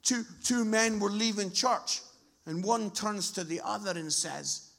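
A man preaching a sermon, telling stories with animated impressions of the people in them. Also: unhurried, gravelly. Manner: animated storytelling, mimics people in high voices.

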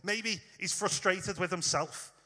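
A man's voice: high voice, measured pace, sharp tone, in a large hall. A man preaching in a casual, storytelling way, talking straight to his listeners. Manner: informal, storytelling, direct address to listeners. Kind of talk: conversational sermon.

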